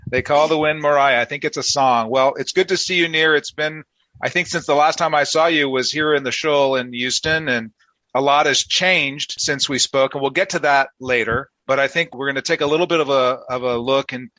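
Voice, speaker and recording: Bright, forceful podcast co-host. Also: male voice, mid-range voice, brisk, dry recording. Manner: joking, chatty interviewer. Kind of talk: casual podcast interview.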